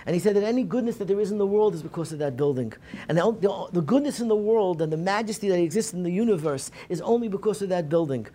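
A man's voice: high voice, a little mellow. A man giving an earnest Tisha B'Av Torah lecture at a synagogue program. He often repeats and restarts phrases and mixes in Hebrew terms.

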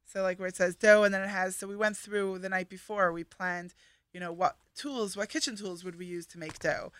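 A woman's voice: mid-range voice, steady tone, a little fast, no room sound. A woman co-hosting a casual chat, steering the talk with friendly questions. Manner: friendly, guiding the conversation with questions. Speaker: co-host.

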